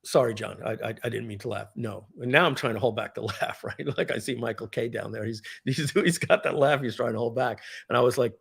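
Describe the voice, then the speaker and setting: A man telling a personal story to a live audience at a party, often clearing his throat and restarting his sentences. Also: mid-range voice, brisk, hardly any pauses.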